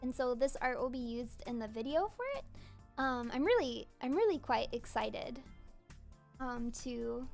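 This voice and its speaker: A woman's voice: high voice, creaky, darkish tone. A young woman streamer chatting casually while drawing, giggly and full of fillers. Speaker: streamer and virtual idol voice actor.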